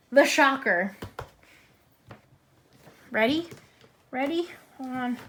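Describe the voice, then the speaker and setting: A woman's voice: medium pitch, bright, forceful tone, slight background noise. Bubbly woman losing her voice. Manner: bubbly, gushing, repeats 'super'. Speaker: vlogger showing a coloring book haul. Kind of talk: casual chat.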